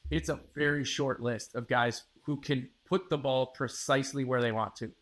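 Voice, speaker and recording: A man guest on a sports podcast giving confident, emphatic analysis at a measured pace. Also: mid-range voice, steady tone, fairly bright tone. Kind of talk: interview analysis.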